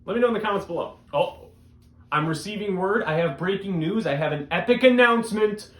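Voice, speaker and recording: Deadpan young man hosting comedy news. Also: high-pitched, a little fast. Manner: deadpan comedic delivery with sudden loud bursts. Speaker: host of a disc golf news show. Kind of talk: comedic news-style monologue. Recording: echoey room with faint background noise.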